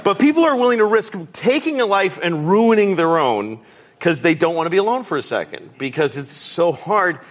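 Male talk show guest, comic storyteller, swooping expressive pitch, mimics voices, laughs a lot. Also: normal speed. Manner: animated, acts out voices and quotes, laughs often.

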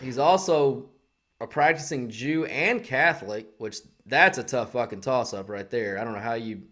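A man's voice: mid-range voice, normal speed, a bit bright. A man co-hosting a podcast, riffing sarcastically in crude casual banter. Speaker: podcast co-host.

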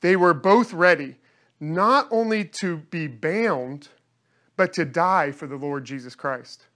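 A man's voice: fairly high pitch, slow, a bit bright. A man preaching a sermon in an earnest way, often repeating words as he searches for the phrasing. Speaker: pastor.

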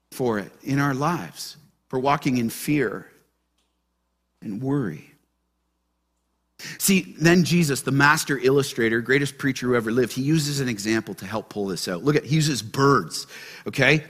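A man preaching a sermon to his church, asking the congregation questions and shifting between loud emphasis and soft, gentle asides. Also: mid-range voice. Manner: animated, asks the congregation questions. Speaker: pastor.

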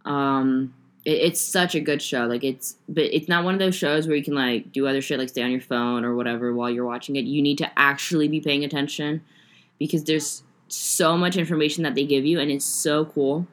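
A woman's voice: low voice, fairly even intonation, brisk. A young woman hosting a casual solo podcast, rambling and chatty with lots of fillers and some swearing. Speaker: podcast host.

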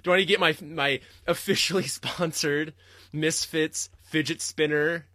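A man hosting a podcast, ranting in a profane, rambling way and jumping suddenly into loud, high-pitched outbursts. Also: fairly even intonation, measured pace, no echo, clean studio sound. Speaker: podcast host. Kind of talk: livestreamed comedic rant.

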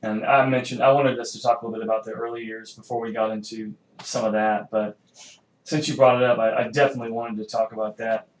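A man's voice: fairly low pitch, level tone, quick pace, slight background noise. A man who serves as a military chief, talking hesitantly with many fillers in a casual podcast conversation. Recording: roomy, faint ambience.

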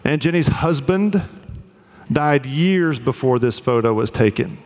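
A man's voice: medium pitch, lively intonation, a little slow, a little mellow, big-room sound. A man preaching a sermon as pastor, earnest and conversational, with fillers.

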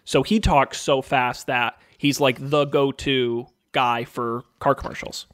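A man's voice: mid-range voice, steady tone, slow, a bit bright, dry recording, clean studio sound. A man co-hosting a podcast, rambling and joking in casual banter. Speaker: podcast co-host.

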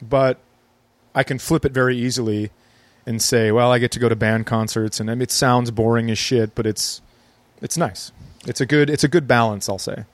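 A man's voice: mid-range voice, fairly even intonation, moderate pace, dry recording. Wry laid-back man from Minnesota. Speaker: guest comedian. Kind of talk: casual chat.

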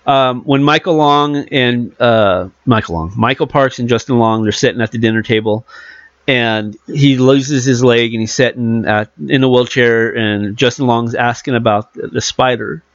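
A man's voice: mid-range voice, normal speed, no echo. A man casually discussing a movie, retelling scenes animatedly with fillers like "uh" and "you know". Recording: dull lo-fi dry recording.

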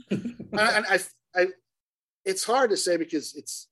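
Middle-aged man telling an animated story. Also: sits high, a little slow. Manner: animated, acts out dialogue in the story. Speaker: hunting guide. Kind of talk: casual storytelling interview.

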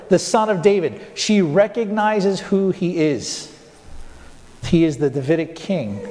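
A pastor with a fairly high, darkish-toned voice gives a sermon in a church where the sound echoes with a long reverb. He asks his listeners rhetorical questions and slows down, stretching key words for emphasis.

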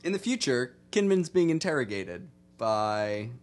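A man's voice: medium pitch, very animated, measured pace. A man co-hosting a podcast, chatting casually with jokey asides about a TV episode. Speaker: podcast co-host. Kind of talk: casual chat recapping a TV episode.

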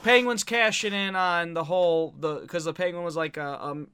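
A man's voice: sits high, fairly even intonation, moderate pace, bright, forceful tone, clear, resonant tone. A young man chatting casually about a movie, laughing often and swearing freely as he retells scenes.

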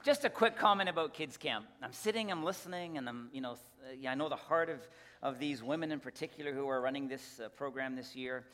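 A man's voice: medium pitch, a little fast, fairly bright tone, a faint crowd. A man who is a pastor, giving a casual, folksy church announcement and then leading a prayer from the pulpit. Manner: conversational, folksy, with restarts and asides. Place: church sanctuary. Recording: long reverb of a church sanctuary.

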